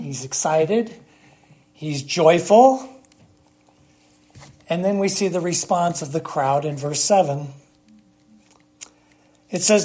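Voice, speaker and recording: A preacher giving a sermon, speaking emphatically with long dramatic pauses and rhetorical questions to the congregation. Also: mid-range voice, darkish tone, slightly rough.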